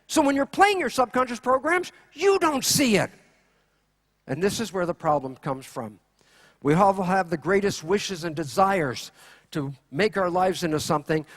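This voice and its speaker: Male conference speaker, high voice, animated keynote delivery with rhetorical questions. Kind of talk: keynote lecture.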